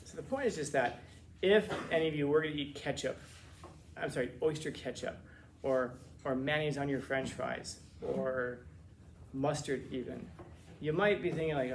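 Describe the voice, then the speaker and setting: A man teaching a classroom lecture, telling funny stories with quick asides and teasing his students. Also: medium pitch, slight background noise. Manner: joking, animated storytelling with quick asides.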